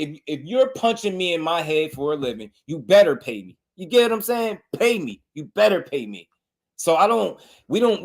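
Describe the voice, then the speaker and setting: A man, sitting higher in his range than most men. He hosts a boxing live stream and talks straight to his chat. He is blunt and scolding, repeats his points in heavy slang. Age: 30s. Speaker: boxing podcast host.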